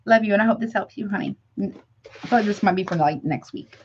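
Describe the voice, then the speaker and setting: A woman reading tarot live to her viewers in a chatty, affectionate way, calling them honey as she pulls cards. Her voice sits at an ordinary middle pitch. The sound is a bit dull and lo-fi, like a home stream mic. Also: fast talker, a little hiss or hum. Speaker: tarot reader.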